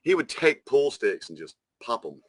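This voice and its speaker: A man co-hosting a casual podcast, spinning an animated story and swearing freely. His voice is bright and forceful. The recording is close and dry. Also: medium pitch, moderate pace, no room sound. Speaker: podcast co-host.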